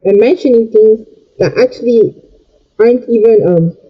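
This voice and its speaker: A young woman rants in an emotional, rambling way while doing her makeup. Her voice sits high and sounds husky. The recording is dull and lo-fi. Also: normal speed. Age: young adult. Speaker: vlogger. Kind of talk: get-ready-with-me rant while doing makeup.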